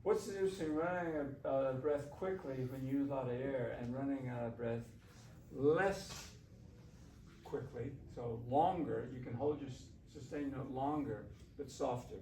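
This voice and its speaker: A man's voice: medium pitch, normal speed, darkish tone. Male music teacher leading a workshop, chatty and coaxing, distant mic in an echoey classroom. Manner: conversational, coaxing, asks the class questions. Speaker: shakuhachi teacher. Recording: roomy, from far off, faint hiss.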